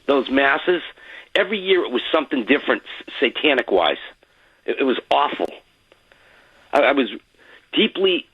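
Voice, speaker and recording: Male phone-in caller, halting and emotional, husky voice, dull lo-fi phone sound. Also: fairly high pitch. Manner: halting, emotional, stammering restarts. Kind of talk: phone-in call.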